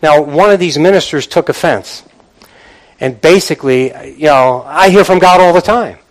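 An older man, a pastor, preaching a sermon to his congregation, moving from quiet reflection to fervent exhortation and calling out to the room. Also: on the high side, moderate pace. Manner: builds from quiet musing to impassioned preaching; calls out "Amen?" and "come on" to the congregation.

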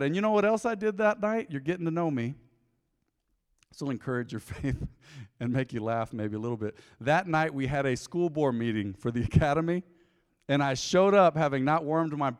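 A middle-aged man preaching a sermon in a church, telling candid stories from his own life and building to a loud, fervent prayer. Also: on the high side, clean tone. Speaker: pastor. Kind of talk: sermon with personal testimony. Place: church sanctuary. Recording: long church hall reverb.

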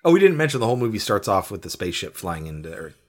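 A man casually recapping a movie on a podcast, animated, swearing and acting out lines. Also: fairly low pitch, racing. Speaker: podcast co-host.

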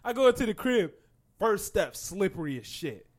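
A man's voice: high voice, sing-song, moderate pace. A young man in casual chat with friends, retelling a story with a lot of swearing and frequent laughter.

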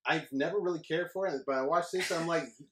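A man's voice: fairly high pitch, fast, fairly bright tone. A man co-hosting a podcast, making blunt opinions and dry quips in casual movie talk. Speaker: podcast co-host. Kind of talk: casual movie review chat. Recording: echoey room with faint noise.

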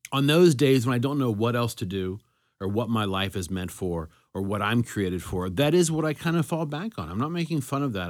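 A man's voice: sits low, dry recording, clean studio sound. A man hosting a solo faith podcast, thinking aloud in a conversational way and often correcting himself. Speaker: podcast host. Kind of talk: solo reflective talk on faith.

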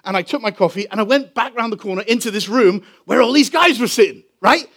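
High-voiced English pastor preaching. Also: male voice. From England. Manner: animated, stretches key phrases slowly for emphasis. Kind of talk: sermon storytelling.

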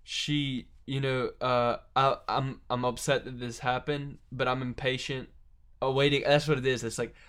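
A man's voice: mid-range voice, level tone, normal speed, a bit bright, smooth. A tired young man, a musician being interviewed, telling long rambling stories, swearing freely and laughing between lines. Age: young adult. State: tired from long hours awake. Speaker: musician guest. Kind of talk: casual interview chat.

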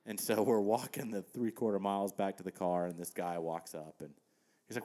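Male guest, low voice, animated storyteller in casual chat. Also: fast talker. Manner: animated storytelling with laughs and quoted asides.

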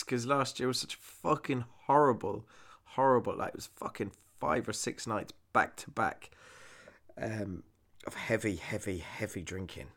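A man with a fairly low voice hosts his own podcast alone, talking straight into a podcast mic. He rambles loosely from one thought to the next, swears in nearly every sentence and laughs easily as he goes. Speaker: podcast host. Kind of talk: casual solo podcast monologue. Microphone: podcast microphone.

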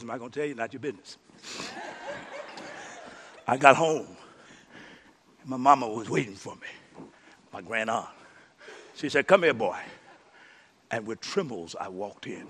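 A male pastor preaching a sermon, calling out to the congregation and swinging from shouted lines to hushed near-whispers. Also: mid-range voice, moderate pace, pauses often. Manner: calls out to the congregation.

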